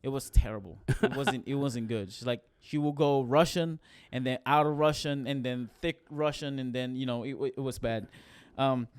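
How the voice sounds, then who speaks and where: A man co-hosting a casual podcast chat, rambling and animated as he recounts scenes. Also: mid-range voice, normal speed, few pauses, clean tone, no echo. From Philippines. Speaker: podcast co-host.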